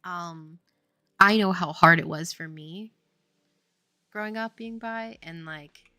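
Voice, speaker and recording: Bright-voiced chatty woman streamer. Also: lowish voice, slow, no room sound, clean studio sound. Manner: chatty, laughing often, many fillers. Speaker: game developer streaming. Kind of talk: casual chat.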